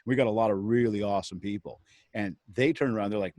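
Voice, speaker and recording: Fast-talking energetic man hosting. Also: on the low side, no room sound. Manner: energetic, quick, casual slang. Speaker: podcast host. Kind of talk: live podcast interview.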